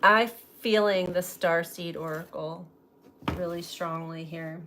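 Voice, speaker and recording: A woman tarot reader reflecting aloud in a slow, musing way, often breaking into light laughter. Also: on the low side, fairly even intonation, a bit bright, slight background noise. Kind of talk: spiritual reflection to camera.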